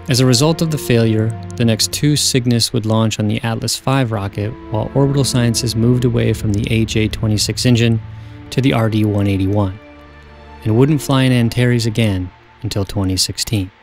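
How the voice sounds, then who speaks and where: A man giving a scripted narration in an even, factual delivery. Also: fairly low pitch.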